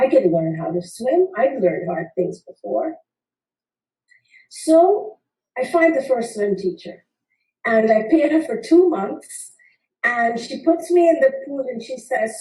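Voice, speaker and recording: A woman's voice: high voice, animated, takes it slowly, warm tone. A woman in her fifties telling a funny personal story to an audience, playful and acting out the people in it. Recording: roomy sound from a distant mic.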